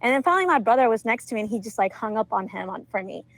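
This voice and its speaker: A woman's voice: on the high side, lively intonation, very fast, no echo, rough recording. A young woman from Georgia telling a story in casual conversation as a podcast guest, full of filler words and frequent laughter. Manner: chatty, leans on filler words and laughs often.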